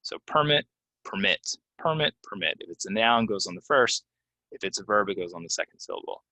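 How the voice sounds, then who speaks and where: A man teaching English pronunciation in a relaxed video lesson, explaining casually with plenty of fillers and repeating words slowly. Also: sits low, no echo, low-quality recording. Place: Florida.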